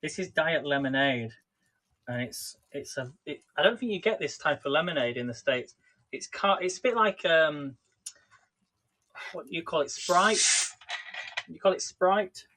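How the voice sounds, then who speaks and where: Brief: male livestream host, slightly higher voice, rambling friendly cooking chat into a phone. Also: animated, a little slow, pauses often, bright, forceful tone. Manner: rambling, chatty, addresses viewers by name. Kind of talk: casual live cooking chat.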